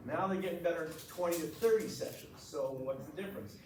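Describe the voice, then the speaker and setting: A man's voice: on the high side, quick pace. Blunt middle-aged man, echoey room. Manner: blunt, animated storyteller, acts out quotes. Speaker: chiropractor sharing his story. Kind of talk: testimonial talk to a group. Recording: echoey room, mic far off, noisy.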